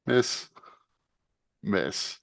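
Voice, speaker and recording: A man running a tabletop game as game master, narrating scenes and giving calm, matter-of-fact rulings. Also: very slow, no room sound.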